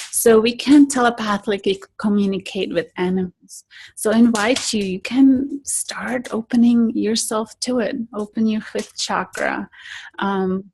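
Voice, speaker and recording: A woman telling personal stories as an interview guest, softly and earnestly, sometimes dropping to a whisper. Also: medium pitch, steady tone, unhurried, slightly rough, low-quality recording. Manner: soft, earnest, drops to whispers in tense moments. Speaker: interview guest, spiritual guide. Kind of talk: storytelling in an interview.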